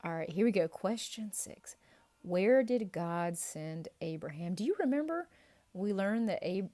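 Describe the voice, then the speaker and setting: Woman kids' teacher, lively playful quiz delivery, mellow low voice, slow and encouraging. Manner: playful, animated and encouraging, drawn-out answer reveals. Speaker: children's ministry teacher. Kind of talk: quiz review for kids.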